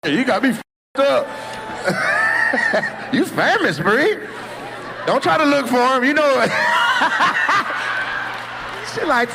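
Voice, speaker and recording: A man doing stand-up crowd work on a club stage, teasing audience members with brash remarks that rise to loud shouts. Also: very high voice, huge pitch swings, slow pace, creaky, long pauses. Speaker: stand-up comedian. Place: comedy club stage before a live audience. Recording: live club recording with crowd noise. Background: audience laughter and crowd noise.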